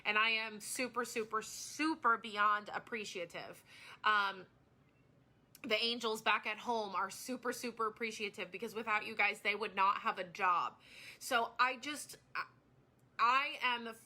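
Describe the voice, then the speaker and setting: Bright-voiced woman chatting with viewers. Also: mid-range voice, a little slow. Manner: earnest, rambling, heartfelt. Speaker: business owner. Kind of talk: casual live-stream chat with viewers.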